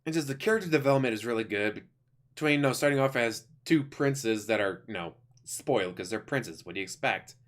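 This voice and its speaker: A man giving a casual, rambling review of an animated series, enthusiastic, with lots of fillers and restarts. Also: mid-range voice, brisk. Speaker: YouTuber reviewing an animated show.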